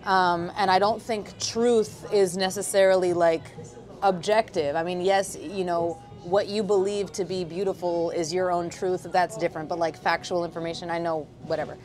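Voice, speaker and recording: A woman's voice: on the low side, fairly even intonation, normal speed, a little mellow, faint music behind. A woman in her thirties from Boston, a screenwriter talking casually as an interview guest, rambling with lots of fillers. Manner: rambling, lots of "like" and "um", laughs easily.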